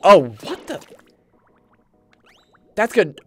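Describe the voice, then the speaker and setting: A man commentating his own gameplay on a live stream, excitable and rambling, easily spooked by the game, with game music behind him. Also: high-pitched, extremely slow, slightly rough, no echo. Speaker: gaming streamer.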